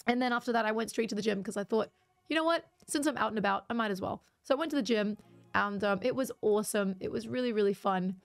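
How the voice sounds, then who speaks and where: A woman's voice: mid-range voice, brisk, gravelly. A woman livestreamer chatting casually with her viewers, laughing often and reading chat aloud.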